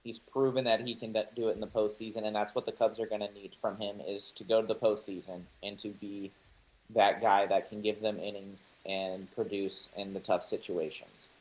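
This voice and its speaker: A man's voice: on the low side, level tone, normal speed, a little mellow, poor audio. A man co-hosting a sports podcast, talking casually and confidently, giving firm opinions with a joking edge. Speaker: podcast co-host.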